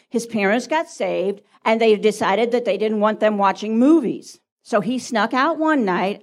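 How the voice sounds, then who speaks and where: A woman telling a story at a church talk, acting out the voices and laughing often. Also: mid-range voice.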